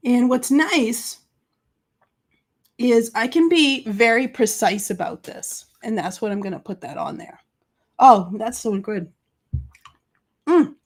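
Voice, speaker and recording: A woman with a voice on the high side speaks slowly and pauses often. She hosts a live papercraft tutorial, chatting and gushing with her viewers between coughs brought on by a summer cold.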